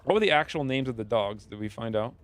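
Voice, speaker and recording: A man's voice: mid-range voice, expressive, fast talker, faint music behind. A man giving casual live commentary on a strategy game, chatty and thinking aloud, often laughing. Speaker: game streamer.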